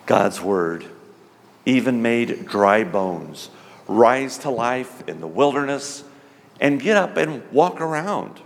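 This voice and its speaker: Man, sermon, slow and deliberate, lively rising and falling pitch, long hall reverb. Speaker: preacher.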